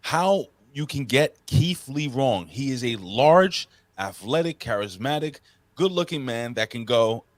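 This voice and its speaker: A man co-hosting a wrestling podcast, talking in an excited, profane, rambling casual way. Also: mid-range voice, a little slow, no room sound. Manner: excitable, profane, jumps between topics. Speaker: podcast co-host. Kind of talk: casual chat.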